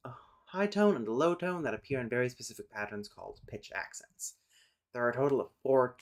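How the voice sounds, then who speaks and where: Man casually explaining on a stream. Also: medium pitch. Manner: thinks aloud, pauses and restarts, sudden loud calls to his cat. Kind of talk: casual livestream chat and explanation.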